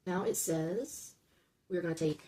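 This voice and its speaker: A woman with a dark, fairly low voice hosts a casual LEGO build-along at a slightly slow pace and fairly even intonation. She explains each step, asks "okay?" regularly, and fixes numbers she gets wrong.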